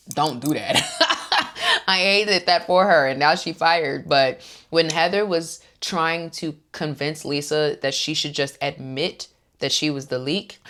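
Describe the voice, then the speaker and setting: Low-voiced woman with chatting about reality tv, opinionated, does quotes. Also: a bit bright. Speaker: host. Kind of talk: casual reality TV recap.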